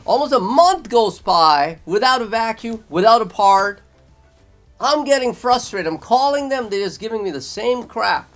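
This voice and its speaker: High-voiced man ranting about a purchase. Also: lively intonation, measured pace, a bit bright, soft background music, rough recording. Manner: exasperated, retelling phone calls in his own words; loose, repetitive storytelling with short clipped phrases. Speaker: vlogger reviewing a product. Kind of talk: complaint story told to camera.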